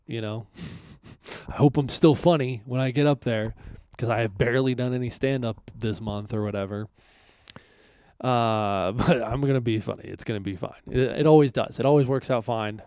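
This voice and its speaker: A man's voice: mid-range voice, normal speed, a little mellow, clear, resonant tone, dry recording, clean studio sound. A man hosting his own podcast, talking casually and rambling, often swearing as he vents. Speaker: podcast host.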